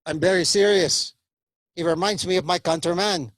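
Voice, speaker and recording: A man voicing his dead older Filipino father, reborn as a moth, who talks eagerly and loudly and stumbles over his words. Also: sits high, normal speed, dry recording, studio quality, pitched above the performer's own voice. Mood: eager chatty.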